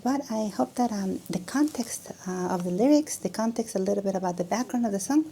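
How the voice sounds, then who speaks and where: A woman with a mellow, gravelly voice walks her students through a music lesson. She demonstrates as she explains and often doubles back to restart her sentences. A faint hiss of background noise sits under her voice. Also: mid-range voice. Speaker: mariachi music teacher. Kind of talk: instructional video lesson.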